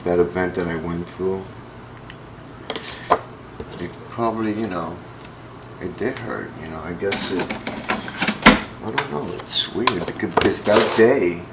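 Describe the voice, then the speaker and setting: A middle-aged man telling a personal story in a halting way, with many restarts and fillers. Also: low voice, very noisy. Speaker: vlogger. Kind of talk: rambling personal account.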